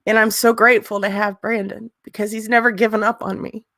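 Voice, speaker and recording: A woman's voice: medium pitch, flat delivery, fairly quick, a bit bright, no echo, studio quality. A woman hosting a casual live-stream chat, blunt and ranting. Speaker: host.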